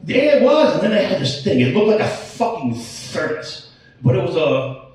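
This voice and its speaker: Late 40s guy doing crude standup, swears constantly, pitch jumps all over, voice echoing off a room, sounds a bit far from the mic. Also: very animated, moderate pace, a little mellow. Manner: crude, profane, rambling with self-interruptions. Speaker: stand-up comedian. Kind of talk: open-mic stand-up set. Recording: echoey room, mic at a distance.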